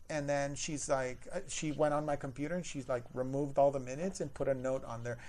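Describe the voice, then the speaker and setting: Male podcast host, relaxed conversational storyteller who acts out callers. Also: a little high, brisk, hardly any pauses. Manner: animated, acts out callers and managers in his stories. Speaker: podcast host, former phone support worker. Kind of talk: casual storytelling chat.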